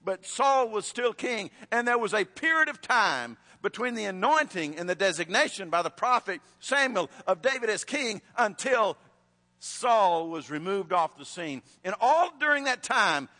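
A man's voice: sits high, big pitch swings, normal speed, sharp tone, in a large hall. A male preacher, telling a Bible story in a conversational sermon with frequent restarts.

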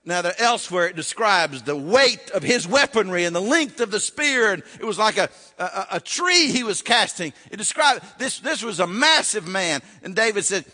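A male pastor preaching a sermon, swinging dramatically from shouting to near whisper. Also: sits high, expressive, moderate pace, hardly any pauses, in a large hall.

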